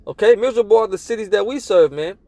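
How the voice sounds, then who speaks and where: In a high, expressive voice with a dark tone, a man preaches a sermon at a fast clip, recorded with no echo. He reads scripture aloud and emphatically hammers each point home, tagging lines with "man" and "all right?".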